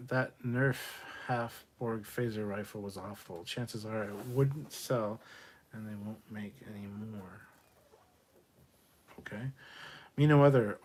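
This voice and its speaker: Guy reading out chat on a live stream, kinda low voice, cusses a lot, mumbles asides. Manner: blunt, sweary, muttering asides under his breath.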